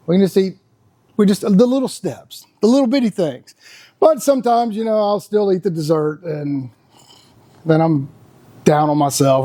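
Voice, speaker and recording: Man, fifties, high voice, mellow tone, blunt folksy podcast talk. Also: animated, moderate pace. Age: 50s. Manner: folksy, blunt, laughs often. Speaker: podcast host. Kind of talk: casual monologue.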